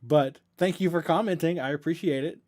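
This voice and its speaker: A man's voice: fairly high pitch, fairly quick, a little mellow. A young man from the US South with a Southern accent, hosting a casual livestream Q&A and talking in an earnest, rambling way. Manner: rambling, self-correcting, earnest and grateful. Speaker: reaction channel host.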